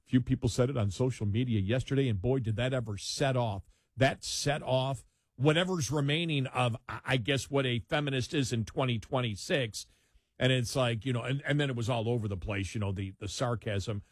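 A man co-hosting a talk show, speaking in emphatic, animated commentary with frequent laughs. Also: medium pitch, normal speed, husky, no echo, clean studio sound. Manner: animated, emphatic, laughs while mocking opponents. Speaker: co-host.

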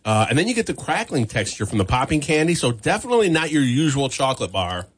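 A man hosts a morning radio show in an upbeat, chatty way. He laughs easily between lines. His voice sits at an ordinary middle pitch. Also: very animated, fast, breathy edge. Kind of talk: casual radio banter. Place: radio studio.

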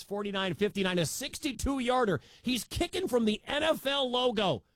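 A man hosting a radio sports show, calling football with emphatic, excitable commentary that climbs into shouts. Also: high voice, no echo. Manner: emphatic, rising to loud shouts at big plays.

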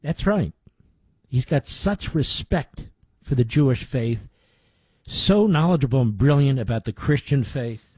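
A man hosting a talk radio show, reading a sponsor pitch in an emphatic, folksy way and repeating details slowly. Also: lively intonation, a little mellow, slightly rough, no room sound. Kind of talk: live-read sponsor ad and commentary.

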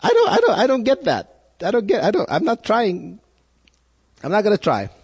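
A male pastor preaching a sermon, animated, with repeated phrases and rhetorical questions. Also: high-pitched, normal speed, husky, big-room sound.

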